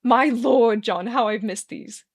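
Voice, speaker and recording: An excitable young man with a bright, sing-song voice that jumps high when he gets worked up, as a woman reads him aloud. He plays at being haughty and teasing, all zest and theatrics, in a storybook reading. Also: slow. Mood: excited.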